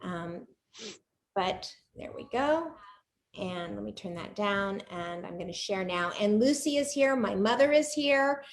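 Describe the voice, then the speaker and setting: A woman's voice: medium pitch, expressive, measured pace, a little hiss or hum. A woman in her sixties hosting a live online chat show over a video call, bubbly and chatty, laughing often. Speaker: host of a live cooking show interview.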